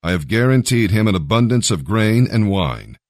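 A man reading the part of an elderly father and patriarch in a grave, measured way. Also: fairly low pitch, very animated, a little mellow, no echo, clean studio sound. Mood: solemn.

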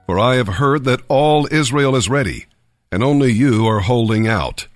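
A man's voice: medium pitch, lively intonation, moderate pace, no echo, faint music behind, lightly acted. A man reading scripture aloud, voicing a king who speaks with authority and grants pardon. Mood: earnest. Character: forgiving triumphant middle-aged king.

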